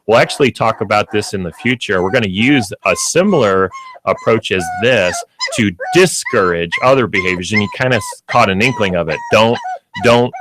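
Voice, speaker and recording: Brief: male radio host and dog trainer, lowish voice, lively animated delivery, explains patiently step by step. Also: background noise. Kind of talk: instructive radio talk.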